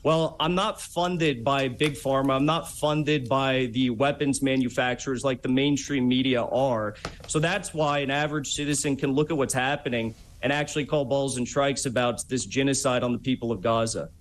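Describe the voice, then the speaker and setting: A man's voice: mid-range voice, fairly even intonation, normal speed, slight background noise. Combative American man in a debate. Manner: combative, insistent, talks over others. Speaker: debate guest. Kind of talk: heated TV debate.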